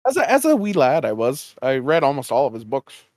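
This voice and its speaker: Dude co-hosting a podcast, voice jumps all over, laughs a ton, dry close mic. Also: male voice, mid-range voice, fairly quick, no echo. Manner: lively, laughs often, swears a lot. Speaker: podcast co-host. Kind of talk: casual chat.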